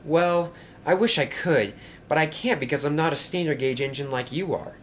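A shy, eager old narrow-gauge engine who talks in a raised, excitable voice, as a man plays him. His pitch jumps around a lot. Faint ambience is heard behind him. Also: normal speed, a little hiss or hum, lightly acted. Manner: eager, wide-eyed.

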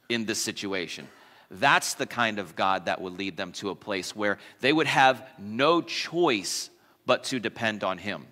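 A man's voice: medium pitch, bright, forceful tone. A male pastor preaching a sermon in a casual, conversational way, asking the congregation questions and adding light asides. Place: church sanctuary. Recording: long church reverb.

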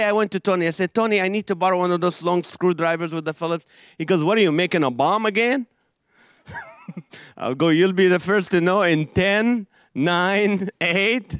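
A man from Israel doing a stand-up comedy routine, animated and quick with quoted voices. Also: high-pitched, no echo, clean studio sound.

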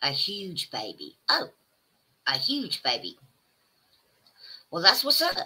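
A woman's voice: fairly low pitch, wildly swooping pitch, slow, bright, forceful tone, husky. A woman with a Southern American accent, chatting casually with her livestream viewers and reading their comments aloud. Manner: chatty, exclaiming, drawling asides to chat. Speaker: livestream host reading chat. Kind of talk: casual chat.

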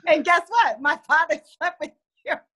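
A woman's voice: extremely high pitch, lively intonation, normal speed, bright, forceful tone. A woman from Cleveland, a guest comedian, chatting from home over a video call and telling stories in a chatty, giggly way. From Cleveland, USA. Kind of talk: casual chat.

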